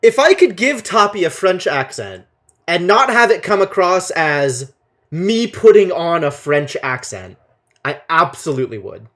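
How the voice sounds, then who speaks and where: A man streaming a game, commenting casually and thinking aloud with excitement. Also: high voice, measured pace.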